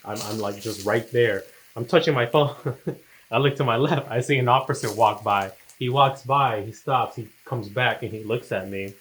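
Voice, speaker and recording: A man's voice: medium pitch, normal speed, fairly bright tone, rough recording. Laid-back man telling a slangy story. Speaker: co-host telling a personal story. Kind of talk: casual storytelling chat.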